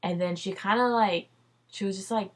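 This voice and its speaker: A young adult woman chats through a personal story in a casual vlog at normal speed, her voice mid-range. She's loose and talkative, saying "like" and "dude" a lot and swearing without holding back.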